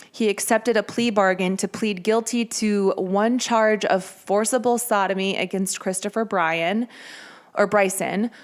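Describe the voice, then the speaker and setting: A woman hosts her podcast and talks through a true-crime case in a loose, conversational way. Her voice sits at an ordinary middle pitch, and she drops in casual asides as she goes. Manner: chatty, conversational with fillers. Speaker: podcast host.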